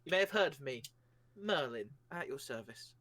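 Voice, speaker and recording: A man voicing a polite, evasive con man who talks smoothly about his services, in a tabletop game. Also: on the high side, animated, normal speed, a bit bright. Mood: breezy.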